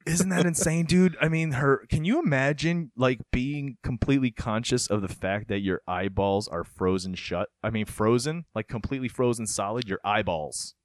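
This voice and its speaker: A man's voice: medium pitch, normal speed, few pauses, dry recording, studio quality. A man co-hosting a podcast, reading a news story aloud and chatting animatedly. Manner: animated, laughs often. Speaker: podcast co-host.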